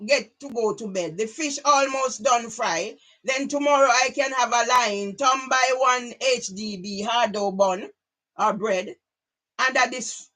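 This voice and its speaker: A middle-aged woman with a Jamaican accent talks straight to her audience in a loose, rambling monologue. Her voice is bright and forceful, and she drifts freely between English and patois. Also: a little high. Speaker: vlogger.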